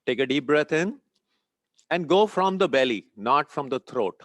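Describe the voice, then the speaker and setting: A man leading a group in a meditation and chanting lesson, speaking calmly, giving steps and checking in often with "okay?". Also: a little high, measured pace, dry recording. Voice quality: sweating, a little warm. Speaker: meditation teacher. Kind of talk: guided breathing and chanting lesson.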